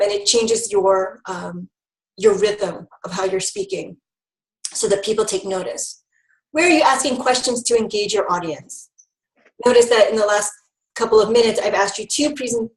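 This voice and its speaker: A woman's voice: a little high, echoey room, low-quality recording. A woman giving an online training talk to new health educators, upbeat and instructive, with frequent ums.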